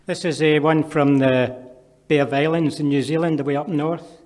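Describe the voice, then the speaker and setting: A man's voice: fairly high pitch, little pitch movement, normal speed, darkish tone, a little hiss or hum. A man with a Scottish accent, a poet giving a live poetry reading with dry, wry asides between the poems. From Scotland. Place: performance venue with long reverb. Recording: reverberant hall.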